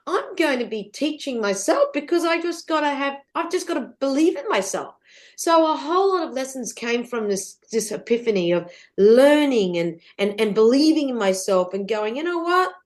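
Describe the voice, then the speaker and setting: Middle-aged female guest, lively rambling storyteller, slightly high voice, casual swearing. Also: normal speed. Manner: animated, rambling, with frequent restarts and swearing. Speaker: podcast guest. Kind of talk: candid storytelling interview.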